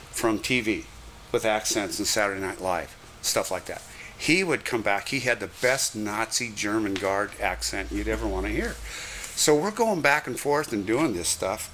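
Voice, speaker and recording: An older man recounts his years on the railroad with lively, chuckling asides. His voice is bright and forceful, sitting a little low. The storytelling is loose and conversational. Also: slight background noise. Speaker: retired railroad conductor. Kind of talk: reminiscing storytelling.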